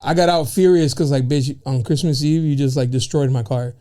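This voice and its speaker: A man co-hosting a podcast, telling a story in a loose, animated way with lots of swearing. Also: medium pitch, a little fast. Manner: animated, swears a lot, laughs often. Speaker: podcast co-host. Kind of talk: casual chat.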